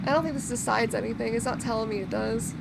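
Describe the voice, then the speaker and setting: A woman streamer giving casual let's-play commentary, excitable and swearing, reacting with gasps. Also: fairly high pitch, fast talker, creaky, background noise. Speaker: gaming streamer. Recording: game music in the background.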